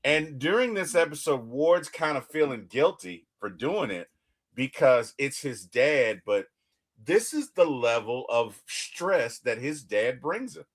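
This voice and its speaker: A man's voice: mid-range voice, sing-song, a little slow, breathy edge. A man co-hosting a TV reaction show, talking in a casual, emphatic way and often repeating words as he restarts.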